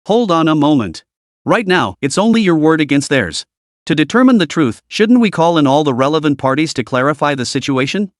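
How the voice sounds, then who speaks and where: A man voicing a calm, nonchalant young male student in a story recap, probing and steady. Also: a little high, fairly quick, no room sound, studio quality.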